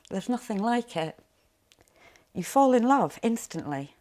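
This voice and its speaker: This middle-aged mother speaks softly and hesitantly as she recounts her earlier life for a documentary, her sentences frequently trailing off into a low murmur. Even so, she comes across as very animated.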